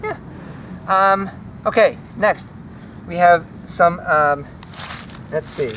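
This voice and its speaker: A man walking through a home vegetable garden outdoors, naming plants and teaching their French words in a relaxed, chatty way. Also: high voice, slow, a little hiss or hum. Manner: relaxed, chatty, easily enthused. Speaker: language teacher giving a garden tour.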